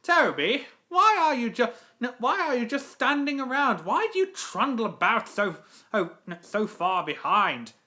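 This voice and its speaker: A man's voice: very high voice, big pitch swings, unhurried, sharp tone, voice pushed up, exaggerated voice. A man voicing a vain, proud male steam engine who scolds in a haughty, teasing tone.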